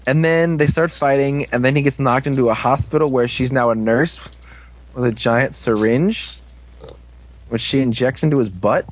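A man's voice: medium pitch, moderate pace, rough recording. A young man casually recapping a TV episode, rambling, joking and losing his place.

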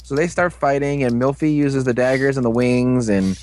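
A man's voice: medium pitch, moderate pace, darkish tone, low-quality recording. Young man, casual recap, rambling, jokey, keeps losing track. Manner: rambling, jokey, loses his place.

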